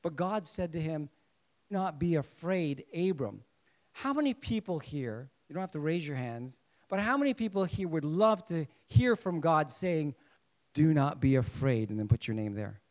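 A man preaching a sermon to a congregation in a lively way, asking them questions and joking along the way. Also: fairly high pitch, moderate pace. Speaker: pastor.

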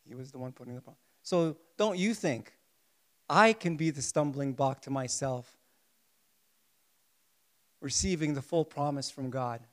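A man preaching a sermon with passion, acting out prayers and swinging between hushed pleading and loud emphasis. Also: medium pitch, measured pace, pauses often. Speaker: pastor.

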